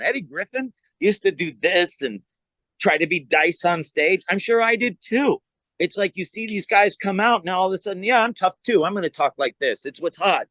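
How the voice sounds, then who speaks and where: A male stand-up comedian, appearing as a guest, tells stories in casual chat, animatedly acting out other people's voices. His voice is a little high, and the recording is dry.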